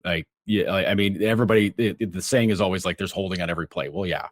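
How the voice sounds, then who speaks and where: A man talking sports as a podcast guest, animated, often restarting and acting out what others said. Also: low voice, rapid-fire, dry recording, clean studio sound. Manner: animated, acts out quotes, many restarts. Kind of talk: casual sports chat.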